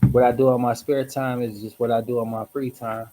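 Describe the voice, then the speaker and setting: A man hosting a casual livestream, reflective and rambling, hoarse from smoking and clearing his throat often. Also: medium pitch, level tone, fairly quick, warm tone, a little hiss or hum, low-quality recording. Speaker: host.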